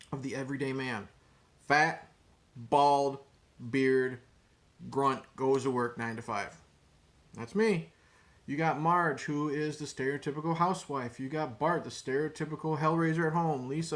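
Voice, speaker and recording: A man ranting casually to camera as a vlogger, rambling, cursing and repeating his words. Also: a little high. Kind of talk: casual opinion rant to camera.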